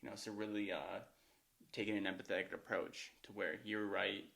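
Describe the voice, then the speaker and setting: A young man walks through points of course material. He talks loosely and easily, with plenty of "you know" and "uh". His voice sits a little low. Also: normal speed, gravelly. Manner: relaxed, explanatory, filler-heavy. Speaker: co-presenter. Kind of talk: casual discussion of course material.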